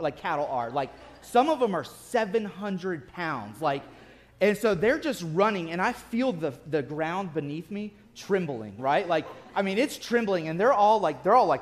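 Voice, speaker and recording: A man preaching a sermon as pastor, telling a story with bursts of laughter and then dropping to quiet intensity. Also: sits high. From city-raised. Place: church sanctuary. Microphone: lectern mic at a podium.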